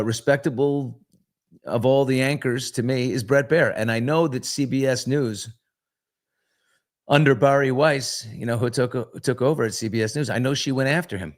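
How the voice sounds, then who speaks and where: A middle-aged talk show host, medium in pitch, chats loosely and candidly with viewers on a live morning show, rambling through stories and restarting them.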